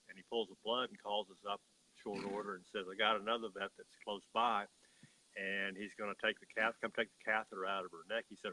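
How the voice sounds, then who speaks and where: A man's voice: on the low side, pushed and bright, low-quality recording. A man, a horse breeder, telling a story in an emphatic, folksy way during an interview.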